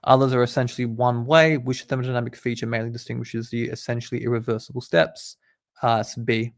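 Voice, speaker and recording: A man's voice: mid-range voice, level tone, fairly quick. A young man, a medical student, reading quiz questions aloud and explaining the answers in a laid-back, casual way. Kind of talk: casual quiz study session.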